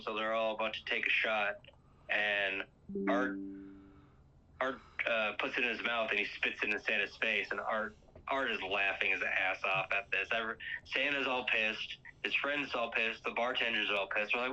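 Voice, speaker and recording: Bright-toned man rambling through a movie recap. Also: lowish voice, fairly even intonation, unhurried, pauses often. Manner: rambling, fills with um and uh. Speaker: podcast host. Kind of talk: casual movie recap chat. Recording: lo-fi muffled sound.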